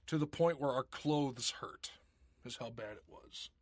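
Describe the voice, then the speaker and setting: A man's voice: mid-range voice, unhurried, no echo. A man co-hosting a casual podcast, rambling and joking, telling old puns and chuckling at them. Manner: rambling, jokey, laughs at his own puns. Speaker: podcast co-host. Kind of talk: casual chat.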